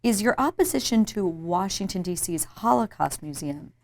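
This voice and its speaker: Woman, interviewer, medium pitch, engaged, probing questions. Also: expressive, moderate pace, a little mellow, slight background noise. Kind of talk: interview conversation.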